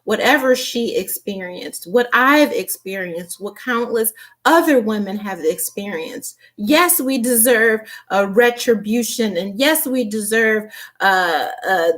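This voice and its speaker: A woman giving a casual tarot reading, halting with many fillers and restarts. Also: medium pitch, expressive, a bit bright. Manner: grows impassioned and indignant. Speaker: tarot reader.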